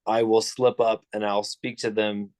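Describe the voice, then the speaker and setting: A man's voice: lowish voice, flat delivery, normal speed, darkish tone, clear, resonant tone, no room sound. A young man telling a long story on a casual podcast, rambling with lots of fillers and restarts. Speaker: podcast co-host.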